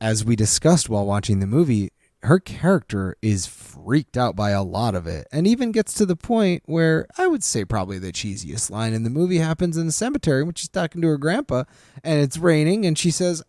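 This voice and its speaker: A man chats casually as co-host of a movie podcast, his pitch swinging lively and often leaping up when he jokes. He laughs easily. The sound is dry and close to the mic. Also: a little fast, no room sound. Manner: animated, laughing, jumps to high pitch when joking.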